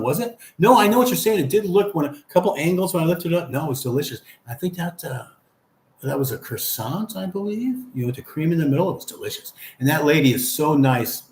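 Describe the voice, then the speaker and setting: A man's voice: medium pitch, darkish tone, reverberant. A man hosting a casual livestream, reading viewer comments aloud in a friendly, rambling way. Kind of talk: casual live chat.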